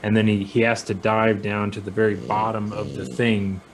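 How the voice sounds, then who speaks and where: A man's voice: on the low side, little pitch movement, normal speed, background noise. A man co-hosting a casual discussion, speaking thoughtfully and a little hesitantly. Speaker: podcast co-host.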